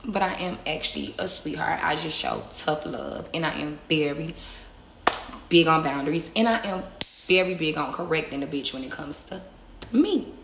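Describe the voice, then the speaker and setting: A woman's voice: low voice, moderate pace, echoey room, noisy background. A young woman livestreaming from her phone, talking bluntly and with plenty of swearing in a casual, confrontational chat. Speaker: livestream host.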